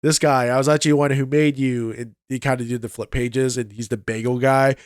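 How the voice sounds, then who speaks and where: A man co-hosting a podcast, reacting to a movie in a halting, excitable way full of "like". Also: medium pitch, no echo, clean studio sound. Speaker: podcast co-host. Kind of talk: casual movie review chat.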